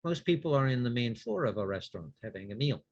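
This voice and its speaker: A composed male vampire who gently presses a lost spirit for answers, as a man plays him. He asks his questions patiently and adds dry jokes. The sound is dull and dry, with a husky edge. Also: mid-range voice, animated, fast talker, no room sound. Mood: probing. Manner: patient, probing, dry wit.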